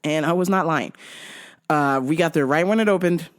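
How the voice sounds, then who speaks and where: A woman's voice: low voice, moderate pace. A woman from Southern California who hosts a podcast and tells comedic stories, swearing and laughing often. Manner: animated, profane, laughs often. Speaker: podcast host. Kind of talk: comedic storytelling.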